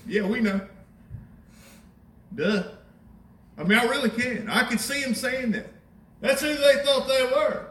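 A man preaching a sermon in a conversational, animated way, with wry asides to the congregation. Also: high-pitched. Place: church sanctuary. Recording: echoey church from a distance.

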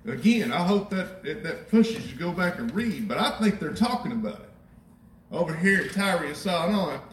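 A man preaching a sermon in a high voice, talking with his congregation and repeating himself for emphasis. His voice comes from some distance and rings through a roomy church. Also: lively intonation, normal speed, a little hiss or hum. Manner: conversational preaching, rhetorical questions, repeats phrases. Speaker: pastor. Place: church sanctuary. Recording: echoey church from a distant mic.

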